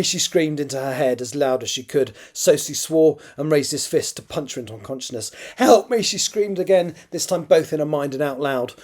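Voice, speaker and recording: A man with a husky, mellow voice reads his own novel draft aloud. He tells the story in a steady, even way and stops now and then to fix a misread word. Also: medium pitch. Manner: steady storytelling read with occasional self-corrections. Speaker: author.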